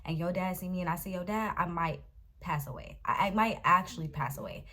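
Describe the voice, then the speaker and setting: In a brisk, lowish voice, a young woman vlogger dramatically and animatedly retells a story for her storytime vlog. She speaks right to her viewers, using "y'all" and "baby."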